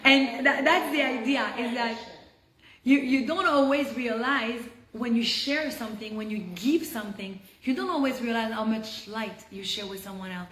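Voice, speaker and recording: Woman from France, higher voice, lively storyteller who acts out her characters, recorded in an echoey room with faint hiss. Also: normal speed. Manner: lively, acts out quoted voices, frequent "like" fillers. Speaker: storyteller guest. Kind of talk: animated personal storytelling.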